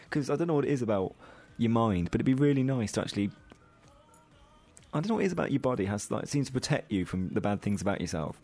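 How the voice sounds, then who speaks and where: A man with a lowish voice co-hosts a loose, casual chat. He rambles, fills gaps with ums and makes fun of himself. Faint music sits underneath him. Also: lively intonation, fast, a little mellow. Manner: rambling and self-mocking, full of ums and laughs. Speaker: podcast co-host.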